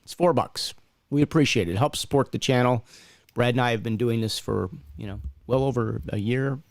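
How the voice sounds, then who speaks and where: A man's voice: mid-range voice, brisk, creaky, no room sound, studio quality. A man co-hosting a casual referee talk stream, chatty and plugging the channel. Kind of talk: casual live-stream chat.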